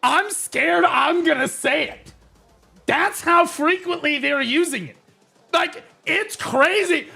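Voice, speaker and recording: Excitable man with a bright voice. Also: very high voice, slow, gravelly, soft background music. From United States. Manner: rambling, excitable, full of restarts and sudden shouting bursts. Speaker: streamer. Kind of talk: casual live-stream chat.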